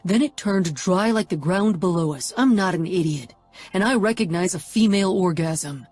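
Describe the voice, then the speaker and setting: A woman's voice: low voice, a little slow, husky, soft background music. A woman voicing a snarling young mafia man. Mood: angry. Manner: snarling, swearing, forceful. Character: angry young mafia man, intense and demanding.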